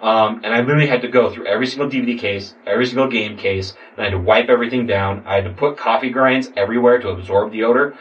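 A man's voice: mid-range voice, racing, few pauses, muffled recording. Young man telling a wild story, far from the mic. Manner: animated, acts out voices, swears a lot. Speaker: podcast guest telling a story. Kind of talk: casual storytelling. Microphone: sitting far from the mic. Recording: distant mic in a room.

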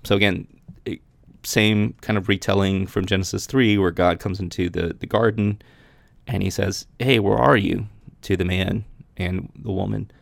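Low guy with a gravelly voice, casual bible chat podcast, dry close sound. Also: level tone, moderate pace, dry recording. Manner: reads scripture aloud then chats about it with many restarts. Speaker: podcast host. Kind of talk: casual Bible reading and commentary.

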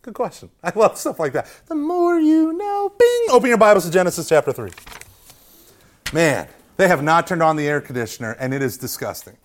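A man leads an informal Catholic Bible class in a fairly high voice that leaps up and down as he talks. He lectures with jokes and asides and keeps checking in with the room by asking "right?". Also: animated, fast. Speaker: Catholic Bible study teacher. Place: hot meeting room with a live class.

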